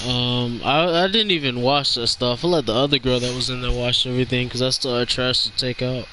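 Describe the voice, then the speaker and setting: A young man in casual chat, recounting a shift at work in a slow, drawn-out way. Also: mid-range voice, steady tone, pushed and bright, slight background noise, poor audio.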